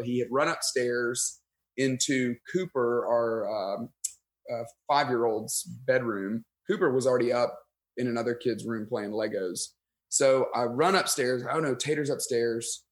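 A man's voice: mid-range voice, normal speed. Man telling a story in casual chat. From United States. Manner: self-deprecating, animated retelling with quoted inner thoughts. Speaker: pastor and podcast guest.

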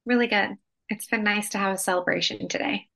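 A woman's voice: medium pitch, steady tone, a little fast, vocal fry, pushed and bright. A woman co-hosting a podcast, chatting in a cheerful, amused, plain-spoken way. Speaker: podcast co-host. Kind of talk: casual podcast chat.

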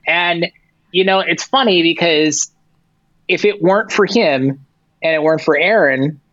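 Animated man telling road stories. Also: on the high side, measured pace, no room sound, highs cut off. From Persian heritage. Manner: animated, swears freely, heavy "like" filler, acts out dialogue. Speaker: tour manager guest. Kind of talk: casual storytelling interview.

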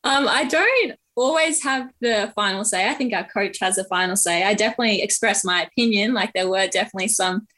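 A young woman, a gymnastics team captain, answering in a measured, modest way. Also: medium pitch, sharp tone. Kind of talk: casual interview answers.

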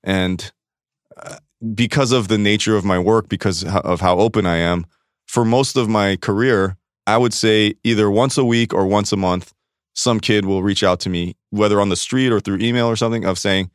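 A man's voice: fairly low pitch, a little fast, no room sound, clean studio sound. A man speaking candidly as a podcast guest, searching for words and swearing freely. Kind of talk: candid conversation.

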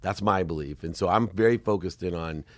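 A man in his fifties hosting a podcast interview, talking in an animated, rambling way and laughing often. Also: deep voice, brisk, dry recording, clean studio sound. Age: 50s. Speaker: podcast host. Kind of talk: conversational interview.

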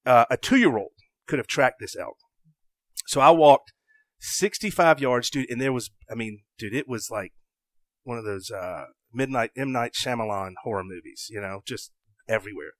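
A young adult man from the American South with a Southern accent, telling a story in an animated, casual way, acting out his own thoughts and often interrupting himself. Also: medium pitch, normal speed, no room sound. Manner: excitable, self-interrupting, acts out his own inner voice.

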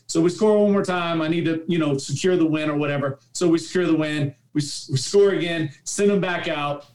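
A man's voice: a little high, fairly quick, few pauses, a little mellow. A man who coaches youth football, chatting on a podcast panel and telling a story with heartfelt emphasis. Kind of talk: casual roundtable chat.

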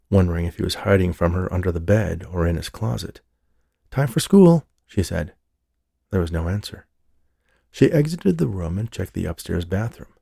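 A man reading an audiobook in a steady, measured storytelling voice. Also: sits low, gravelly, no echo, studio quality. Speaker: audiobook narrator. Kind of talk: scripted narration.

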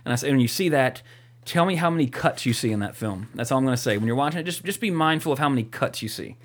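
A man's voice: medium pitch, expressive, quick pace, slight background noise. A young man co-hosting a podcast, chatting casually and rambling, with lots of fillers, restarts and swearing. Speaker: podcast co-host.

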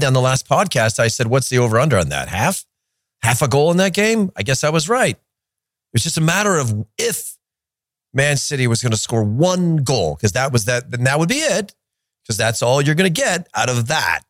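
A man's voice: medium pitch, no echo, clean studio sound. A man hosting a soccer podcast in a chatty, opinionated way, with joking rants. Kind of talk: casual solo commentary.

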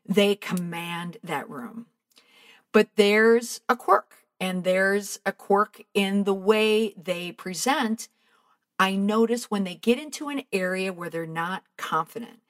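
A woman's voice: medium pitch, a bit bright. A middle-aged woman hosting a podcast, giving direct coaching on speaking habits and putting questions to the listener. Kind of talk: instructive podcast monologue.

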